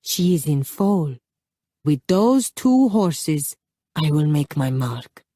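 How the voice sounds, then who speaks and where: Lady narrator doing a proud ambitious baron, earnest and calm, low mellow tone, dry close recording. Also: no room sound, exaggerated voice. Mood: candid. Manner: earnest, persuasive, measured. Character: proud, ambitious young Spanish baron courting her.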